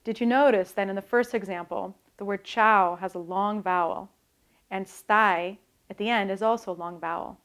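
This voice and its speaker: A woman, an author, giving a calm, scripted talk on learning languages and demonstrating pronunciation. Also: mid-range voice, moderate pace.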